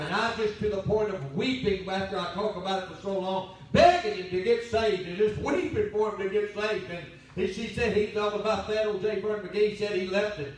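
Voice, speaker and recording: A man's voice: sits high, normal speed, hardly any pauses. A man preaching a sermon as pastor, telling folksy stories. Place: church sanctuary. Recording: very echoey church from a distance.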